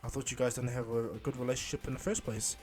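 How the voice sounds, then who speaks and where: A man's voice: medium pitch, level tone, quick pace, darkish tone, faint music behind, close to an everyday voice. A man voicing an arrogant, all-powerful male destroyer warrior in a fan-told story, speaking sternly and threateningly.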